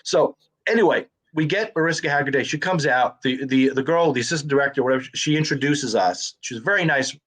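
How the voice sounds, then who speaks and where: A man's voice: mid-range voice, a little fast. A man, an actor and comedian telling stories in a casual conversation and acting out the dialogue. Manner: animated storyteller who acts out quoted dialogue.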